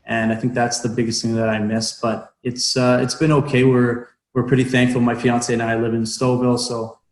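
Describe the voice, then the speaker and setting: A man's voice: medium pitch, flat delivery, normal speed, roomy sound, poor audio. A young man, a professional hockey player, chatting in an interview from home over a remote call, hesitant with many fillers and restarts. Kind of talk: casual interview chat.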